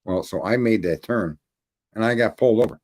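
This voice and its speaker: A man hosting a podcast, telling long stories in casual chat. He swears freely and rambles, and his voice climbs high when he gets indignant. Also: brisk, darkish tone. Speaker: podcast host.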